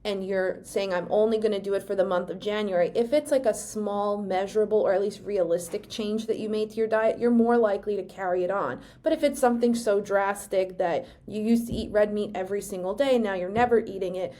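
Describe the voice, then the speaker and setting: A woman co-hosting a podcast in casual chat, speaking in a measured, thoughtful way. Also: mid-range voice, steady tone, dark tone. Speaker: podcast co-host.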